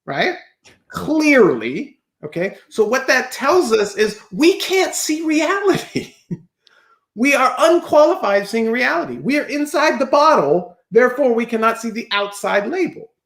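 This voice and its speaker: A man with a high-set voice tells business stories as a podcast guest, acting out his own past thoughts. He talks in quick bursts and keeps asking "right?" to pull the listener along. The sound is roomy, with a clear echo around him. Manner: animated storyteller who acts out his own past thoughts; fast bursts with rhetorical "right?" check-ins. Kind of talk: casual interview chat.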